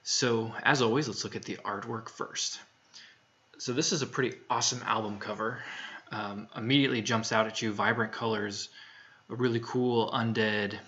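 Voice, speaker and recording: A man's voice: fairly low pitch, sharp tone, lo-fi sound. A man talking casually through a music review in a frank, plainspoken way, with lots of fillers and restarts. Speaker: album reviewer.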